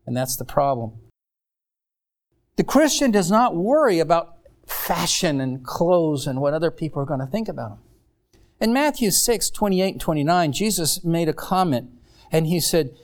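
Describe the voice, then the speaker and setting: A man preaching a sermon, telling stories in a rambling, animated way with many restarts. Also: fairly high pitch, moderate pace. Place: congregation in Mexico.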